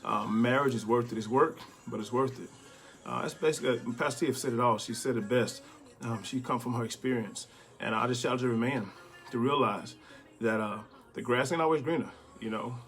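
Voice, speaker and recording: A middle-aged man, a bishop, giving plainspoken, relaxed marriage advice in casual conversation. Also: medium pitch, brisk. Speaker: bishop, co-host.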